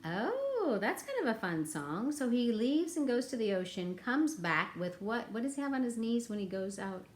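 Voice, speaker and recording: A woman runs a playful music class for children, chatting with them and bursting into nursery rhymes for everyone to sing, accompanied by a ukulele in an echoey room. She speaks animatedly at normal speed in a fairly high voice, with few pauses.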